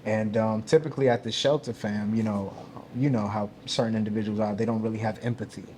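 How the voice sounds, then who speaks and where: Guy telling a story real animated, slangy, does little voices, faint hiss behind him. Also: fairly low pitch, fast. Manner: animated, acts out voices in stories. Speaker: guest speaker. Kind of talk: casual storytelling.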